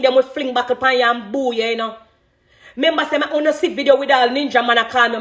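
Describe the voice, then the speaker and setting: Her voice a little high and a bit bright, a Jamaican woman in her thirties who makes dancehall music talks emotionally about her career. She speaks spontaneously, with passion and emphasis, thanking people throughout.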